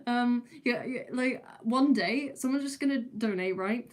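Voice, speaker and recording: A woman's voice: on the high side, unhurried, hardly any pauses. A young woman, chatting casually on a livestream and answering viewers with many fillers, restarts and giggles. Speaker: streamer.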